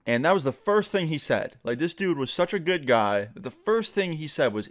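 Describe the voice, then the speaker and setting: A man's voice: on the high side, very animated, normal speed. A young man vlogging a casual storytime, chatty and full of fillers, slipping into the voices of the friends he quotes.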